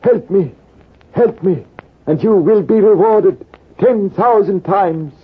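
A man's voice: on the high side, measured pace, breathy edge, pitched above the performer's own voice. A man voicing a pleading old stranger. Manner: solemn, fatherly pleading. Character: old wounded male stranger, pleading, solemn. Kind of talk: 1940s radio acting. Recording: tinny, lo-fi old radio broadcast.

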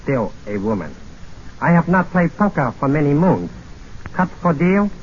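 A man's voice: on the high side, sing-song, moderate pace. A scornful warlord general speaks in clipped, broken English. His tone is smug and cruel. The sound comes from a dull, muffled old film track with a faint hiss under it. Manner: smug and contemptuous. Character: arrogant, menacing warlord general, male, middle-aged. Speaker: villain.

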